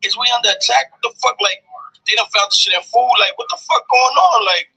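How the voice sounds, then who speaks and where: High husky man, excitable profane storyteller. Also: brisk, rough recording. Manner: profane, excitable, acts out the dialogue. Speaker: storyteller in a clip. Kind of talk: animated retelling of a news story.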